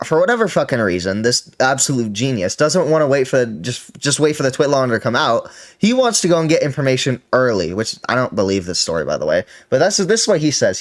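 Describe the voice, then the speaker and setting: A man hosting a reaction stream, giving casual, profane commentary that rambles and corrects itself. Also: mid-range voice.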